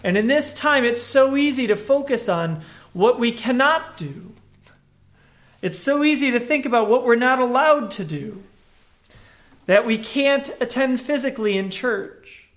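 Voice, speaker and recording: A man's voice: extremely high pitch, lively intonation, a little slow, a bit bright. A man preaching a sermon as a pastor, talking in a conversational but emphatic way and acting out the scripture with animation.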